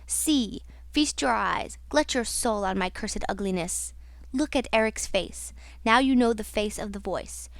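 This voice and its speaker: A woman's voice: mid-range voice, measured pace, vocal fry, dry recording. A woman voicing a raging, tormented masked man who roars and hisses, in an audiobook reading. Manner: roaring and hissing.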